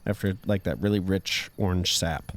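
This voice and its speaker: A man's voice: deep voice, moderate pace. A man guesting on a podcast, curious and playful, joking around in casual chat.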